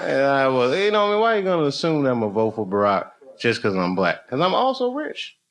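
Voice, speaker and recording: A man's voice: medium pitch, very animated, fast talker, heavy background noise. A man telling loose, profane, rambling stories as a stand-up comedian on a comedy club stage. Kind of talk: live stand-up storytelling.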